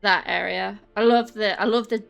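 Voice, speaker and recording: A woman's voice: medium pitch, fairly even intonation, moderate pace, gravelly, a bit bright, faint music behind. An English woman streaming, chatting in a rambling, casual way to her viewers while walking on a treadmill. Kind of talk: casual livestream chat. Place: home, on a treadmill.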